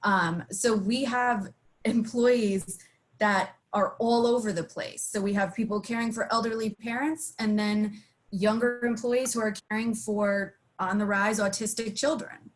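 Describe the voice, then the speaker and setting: A woman's voice: mid-range voice, fairly even intonation, unhurried, rough recording. A woman speaking as an employer on a webinar panel, enthusiastic and plain-spoken with fillers. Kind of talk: webinar discussion.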